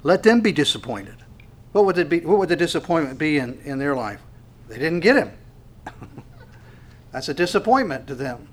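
Speaking at a moderate pace with frequent pauses, this man has an expressive mid-range voice. As a pastor delivering an expository sermon, he explains a passage earnestly and emphatically, often restarting and repeating himself.

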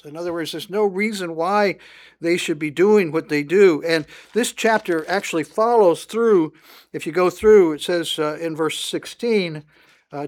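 Conversational Bible-teaching man, slightly high voice. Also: moderate pace. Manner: conversational, frequent "uh" fillers, rising emphasis on scripture.

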